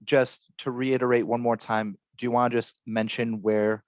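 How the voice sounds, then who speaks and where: A man's voice: mid-range voice, flat delivery, moderate pace, no echo. A man hosting a podcast interview, thanking his guest with encouraging, brief affirmations. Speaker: podcast host.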